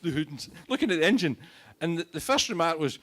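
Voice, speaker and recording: Male panel host, slightly high and very lively pitch, teasing. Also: fast talker. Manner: jokey, prompting questions. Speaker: forum host. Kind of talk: hosting a panel discussion.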